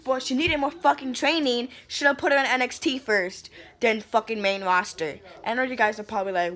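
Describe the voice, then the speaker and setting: Sassy and fired up, a young female vlogger tears into wrestling with a heated, cuss-filled rant and keeps calling folks "honey." Her voice sits at medium pitch, with a fairly bright tone and a fairly quick delivery.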